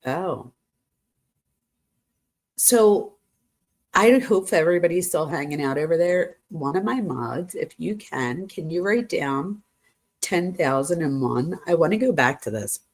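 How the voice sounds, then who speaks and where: A woman's voice: low-pitched, expressive, unhurried, long pauses. A woman hosting a true crime live stream, reading texts aloud and reacting to them in a chatty way, talking straight to her viewers. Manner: chatty, addresses viewers as "you guys", gasps and exclaims.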